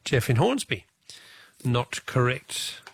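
Brisk Australian radio quiz host, man. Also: medium pitch, very animated, gravelly, husky, dry recording. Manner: brisk, friendly, counts questions aloud.

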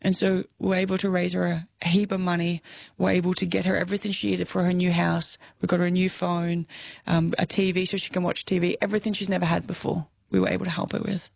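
An Australian woman in her thirties speaks openly as an interview guest, her voice carrying a gravelly, creaky grain. She is candid and emotional, laughing easily and swearing casually. The recording is close and dry. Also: lowish voice, level tone, fast talker, darkish tone, dry recording.

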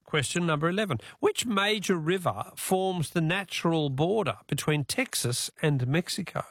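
An Australian man hosts a talkback radio quiz from the studio. His slightly high voice has a gravelly edge, and the dry, close studio mic keeps it up front. He sounds easygoing and chatty, and he slows right down whenever he reads out a question. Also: expressive, no echo. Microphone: studio microphone.

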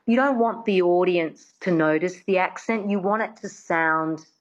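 A woman working as a dialect coach, teaching an accent on the radio and slowly drilling words for the listener to repeat. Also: fairly low pitch, dull audio. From Australia.

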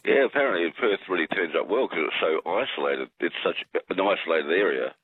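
Older Australian male caller, deep and husky, rambling jokey manner, thin phone-line sound. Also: sing-song, brisk, no room sound. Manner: rambling, jokey, self-interrupting. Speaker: radio caller. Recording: dry tinny phone line.

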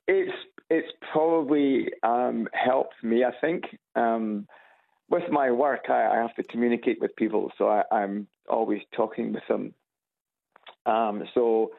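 A Scottish man calls in to a radio show, his husky, gravelly voice coming through a tinny phone line. He speaks earnestly and pauses now and then to find his words. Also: mid-range voice. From Scotland. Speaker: caller.

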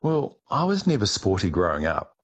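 A middle-aged man answering interview questions, telling his story in a relaxed way with some restarts. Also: lowish voice, moderate pace, husky. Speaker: guest, ice diver.

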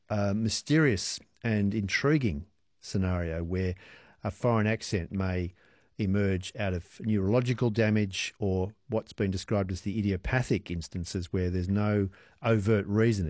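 Low-voiced male radio host. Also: no echo, studio quality. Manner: curious, hesitant questions with many "uh"s, brisk station announcements. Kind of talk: radio interview hosting.

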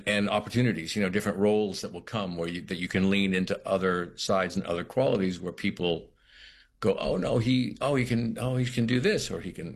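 An American man, an actor, talking reflectively in an interview, with frequent restarts and "you know". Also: low-pitched. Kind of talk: interview conversation.

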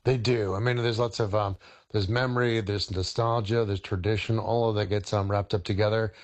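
Low-voiced man, halting and full of fillers. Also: fairly even intonation. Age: middle-aged. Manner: halting, many fillers and restarts, storytelling. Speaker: historian and chef, radio guest. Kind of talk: casual radio interview, explaining cooking.

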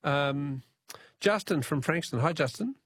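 A man's voice: a little high, expressive, a little slow, a bit bright, husky, no echo, clean studio sound. A man with an Australian accent hosting a talkback radio quiz, easygoing and chuckling.

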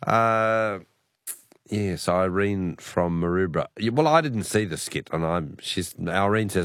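A man's voice: low voice, moderate pace, a bit bright, no room sound. A middle-aged Australian man hosting talkback radio in a studio, chatty, affable and musing. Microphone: studio mic.

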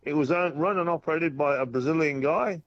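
Aussie caller, friendly, halting, lo-fi dry line. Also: male voice, fairly high pitch, no echo.

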